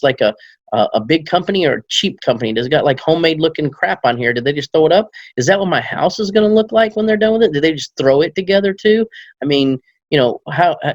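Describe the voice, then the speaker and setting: A man's voice: medium pitch, no room sound, lo-fi sound. A man who is a marketing consultant, telling a story in a casual advice talk, keeps asking "right?" and acts out both sides of a conversation.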